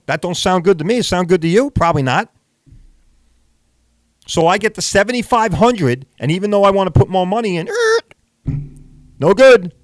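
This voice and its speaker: A man's voice: mid-range voice, no echo, clean studio sound. An older man hosting a podcast, ranting in a blunt, profane, casual way and firing rhetorical questions straight at his listeners. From New York. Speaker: podcast host.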